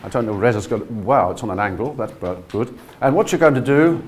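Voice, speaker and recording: A man leading a voice workshop, coaching a live audience through breathing exercises in an energetic, encouraging way. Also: medium pitch, a little fast, husky. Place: conference room with a live audience. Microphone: no handheld mic, projecting to the room.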